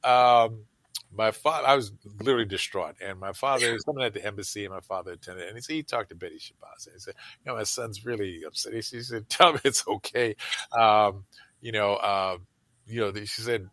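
An older man spins long, meandering anecdotes, his speech full of "you know" and quick laughs. His voice is low-set but bright and forceful. The sound is dry and close, with almost no room in it. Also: no room sound. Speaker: interviewee. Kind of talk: casual storytelling.

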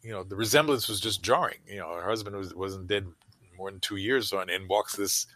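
Bright-toned man telling rambling anecdotes. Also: low voice, brisk. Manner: rambling anecdotes full of fillers and laughs. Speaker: interviewee. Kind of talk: casual storytelling.

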